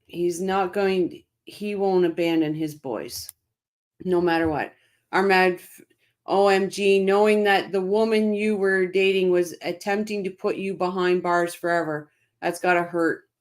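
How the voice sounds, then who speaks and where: A woman's voice: on the low side, fairly even intonation, measured pace. A woman hosting a casual live-stream, reading out viewer comments by name and answering them with emphatic, impassioned commentary, often repeating her phrases.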